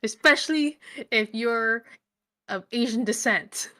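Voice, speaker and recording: A young woman casually recapping a book she read, chatty and full of fillers, retelling the plot in an animated way. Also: on the high side, measured pace. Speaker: book reviewer. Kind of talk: casual chat.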